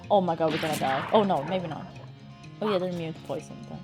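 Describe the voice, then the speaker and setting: Animated young woman streamer. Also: fairly low pitch, brisk, soft background music. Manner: animated, swears freely, talks straight to chat. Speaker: live streamer. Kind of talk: casual gaming stream chat.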